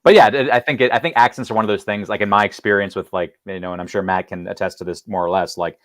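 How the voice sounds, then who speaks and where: A man co-hosting a casual film chat, talking in halting, rambling sentences with many fillers and restarts. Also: fairly low pitch, steady tone, fairly bright tone, no echo, studio quality. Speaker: co-host.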